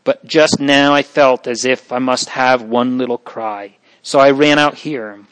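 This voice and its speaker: A man's voice: mid-range voice, fairly even intonation, unhurried, a bit bright, no echo, close to an everyday voice, low-quality recording. A frightened young girl from a storybook, pouring out her worries in earnest pleas, as a male narrator reads her part. The voice sits a little above his own. The recording is dry and close. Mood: distressed. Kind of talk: audiobook reading.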